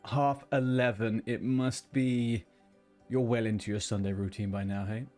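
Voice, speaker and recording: A man's voice: mid-range voice, fairly even intonation, unhurried, warm tone, soft background music. A man streaming a game, chatting casually and rambling between tasks, swearing now and then. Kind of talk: casual gaming chat.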